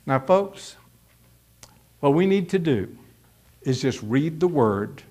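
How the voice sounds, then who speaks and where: High-voiced folksy male preacher. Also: lively intonation, slow pace, dark tone. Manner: folksy, emphatic preaching with acted-out quotes. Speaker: pastor. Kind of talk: sermon.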